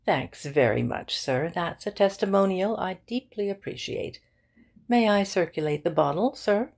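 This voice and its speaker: A breezy young aristocrat, witty and emphatic, who tosses off clipped opinions, as a woman reads him. The voice is low and husky with a gravelly rasp, and it is delivered slowly. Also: lively intonation, a little mellow, heavily acted. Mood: jaunty. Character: jaunty young aristocratic Englishman, lively, witty.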